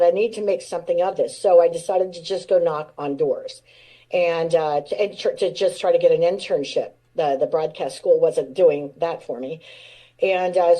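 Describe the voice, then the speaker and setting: A woman's voice: fairly low pitch, warm tone, rough recording. A woman in her sixties, a veteran radio personality, telling candid stories from her career in an interview, laughing now and then. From United States. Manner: candid, laughing, acts out quoted voices. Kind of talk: storytelling interview.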